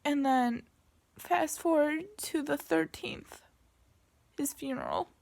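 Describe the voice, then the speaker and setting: A young woman with a high, gravelly voice speaks slowly, telling a painful personal story straight to camera. She pauses often and restarts her sentences, her delivery halting and heavy with emotion. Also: darkish tone.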